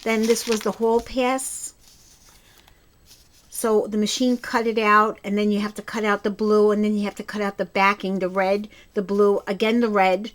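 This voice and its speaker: A woman's voice: mid-range voice, flat delivery, normal speed, slight background noise. A woman with a Brooklyn accent chatting enthusiastically as she shows her craft projects, rambling with a few restarts. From Brooklyn, New York. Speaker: crafting channel host. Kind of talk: casual crafting show-and-tell.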